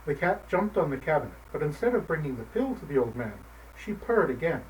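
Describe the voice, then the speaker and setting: A man narrating a folk tale in a gentle, measured storybook manner. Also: a little high, very animated. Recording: distant mic, faint background noise.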